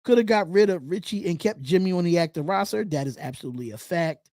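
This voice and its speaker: High-voiced man hosting a chatty fan show. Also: animated, fast, a little mellow, no echo, clean studio sound. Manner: chatty, repeats phrases, reads comments aloud. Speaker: podcast host. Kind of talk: casual live-stream chat.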